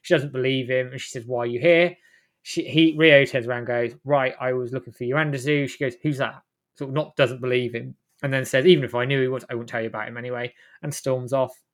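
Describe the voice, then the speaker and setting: A man's voice: mid-range voice, fairly even intonation, quick pace. A man casually retelling a story's scenes as host, rambling and often correcting himself. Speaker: host recapping a game. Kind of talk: casual chat.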